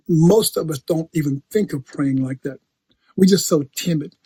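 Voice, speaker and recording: A man's voice: on the high side, moderate pace, dark tone, husky, no echo. A man preaching a conversational sermon, chatty, often laughing and repeating phrases as he talks. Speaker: pastor.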